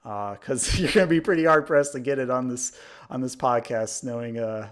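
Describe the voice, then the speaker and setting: A man's voice: medium pitch, moderate pace. A man co-hosting a podcast, speaking in a casual, opinionated way. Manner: opinionated, chatty, frequent "like" fillers. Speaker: podcast co-host. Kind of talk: casual chat.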